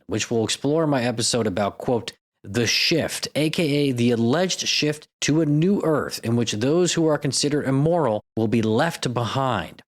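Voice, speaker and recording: A man's voice: medium pitch, animated, normal speed. A male podcast host with a mid-range voice, narrating stories and breaking in with crude, jokey asides. His delivery is casual, irreverent and comedic.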